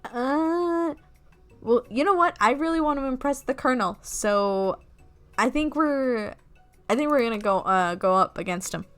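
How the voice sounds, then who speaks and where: A woman's voice: high voice, animated, unhurried, fairly bright tone, soft background music. A woman giving giggly, rambling commentary as she plays a dating game and reads its text aloud, swearing often. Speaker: game streamer.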